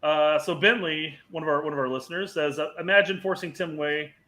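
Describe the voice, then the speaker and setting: A man's voice: fairly high pitch, steady tone, fairly quick, sharp tone. A man co-hosting a casual soccer podcast, rambling with stammered restarts and frequent laughs. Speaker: podcast co-host. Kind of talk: casual chat.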